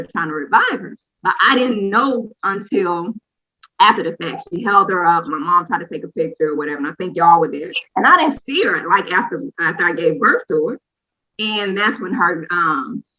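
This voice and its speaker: Woman in her 30s, clear bright voice, candid rambling storyteller, podcast co-host. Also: on the low side, poor audio. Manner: candid, rambling, frequent "or whatever" asides. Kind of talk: personal storytelling chat.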